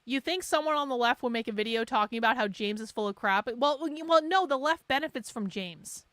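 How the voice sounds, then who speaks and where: A woman's voice: a little high, lively intonation, fairly quick, fairly bright tone, no echo. A woman hosting a livestream, commenting sarcastically and casually while she plays a video for viewers. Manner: sarcastic, interrupting, laughing. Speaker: livestream host.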